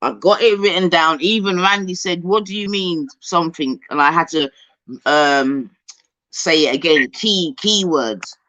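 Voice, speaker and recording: A man's voice: on the high side, unhurried, pushed and bright, no echo. Brief: streamer, man, combative banter, muffled lo-fi mic. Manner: argumentative, talks over his guest. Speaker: live stream host. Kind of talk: casual live stream chat. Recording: dull lo-fi dry mic.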